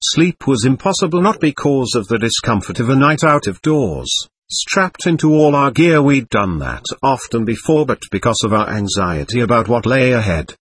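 A man reads a first-person war story in a measured, even way. His voice is husky and his pitch moves a lot. The recording is dry and close. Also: no echo. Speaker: audiobook narrator. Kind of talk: scripted narration.

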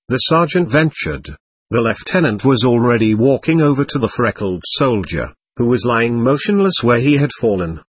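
Husky, animated male audiobook narrator. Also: medium pitch, no echo. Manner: measured, vivid storytelling. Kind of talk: scripted first-person audiobook narration.

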